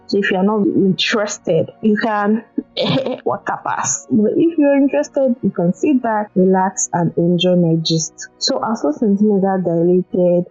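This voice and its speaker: Animated Nigerian woman telling her story. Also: on the low side, slightly rough, muffled recording. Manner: animated and emotional, with sudden exclamations. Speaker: vlogger. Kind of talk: casual personal storytelling.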